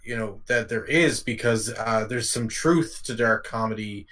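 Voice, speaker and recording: A man on a livestream panel who talks haltingly, filling his sentences with lots of ums and uhs. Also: lowish voice, a bit bright. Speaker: panel guest. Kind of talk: casual group discussion.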